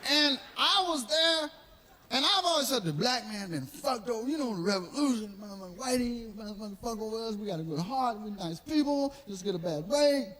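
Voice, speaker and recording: Profane, high-voiced male stand-up comedian. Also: animated, a little fast, sharp tone. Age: 40s. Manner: profane, loose storytelling that acts out characters. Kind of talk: live stand-up comedy routine. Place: live stage show.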